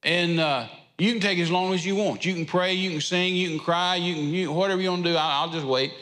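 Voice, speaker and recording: Preacher guy, high bright voice, folksy storytelling, big echoey hall. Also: steady tone, a little fast. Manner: folksy storytelling with drawled asides. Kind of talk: sermon.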